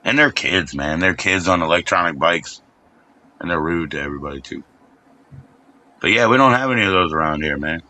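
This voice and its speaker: A man's voice: sits low, animated, a little fast, long pauses, bright, forceful tone. A middle-aged man streaming live, rambling in casual chat, crude and joking, teasing his chat in a sing-song voice.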